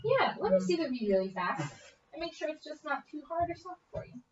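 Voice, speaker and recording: A young woman teaching a bassoon lesson, upbeat and encouraging, checking in with the student often. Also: sing-song, fairly quick, slight background noise. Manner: upbeat, coaching with frequent okay checks. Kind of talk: encouraging one-on-one music lesson. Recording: echoey, distant, dull room audio.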